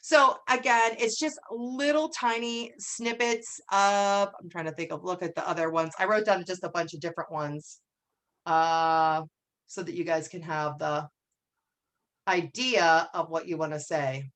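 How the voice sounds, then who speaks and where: A chatty woman runs a casual training session for her sales team over a video call. She acts out sample lines to her guests in a lifted, brighter voice, then drops back to plain talk. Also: fairly low pitch, fairly even intonation, a little slow.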